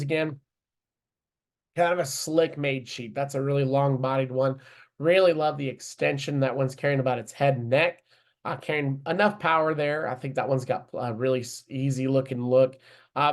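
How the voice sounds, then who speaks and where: A man with a middle-pitched voice runs a live online livestock judging lesson. He talks in a loose, coaching way and thinks aloud as he goes. Plenty of small fillers and restarts dot his explanations.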